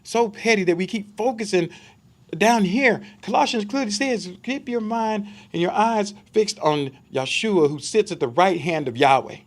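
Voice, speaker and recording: A man's voice: sits high, animated, moderate pace. A man giving a conversational Bible study sermon, emphatic and full of rhetorical questions for his listeners.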